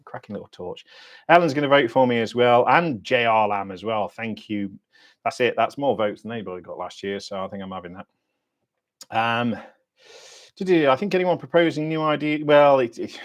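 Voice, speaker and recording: A British man hosting a diving channel's livestream Q&A, talking bluntly in sweary, matey banter with lively swings in pitch and loudness. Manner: animated, lively ups and downs in pitch and loudness.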